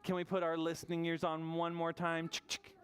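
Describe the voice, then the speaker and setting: A man leading a toddler story time at a library, animated and sing-song as he encourages the children. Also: on the high side, a little fast. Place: public library room.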